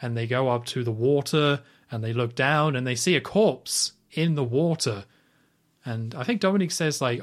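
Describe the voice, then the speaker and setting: A man's voice: mid-range voice, moderate pace. Rambling man recapping a film. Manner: rambling scene retelling, full of "like" and restarts. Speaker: podcast host. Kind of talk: casual film recap chat.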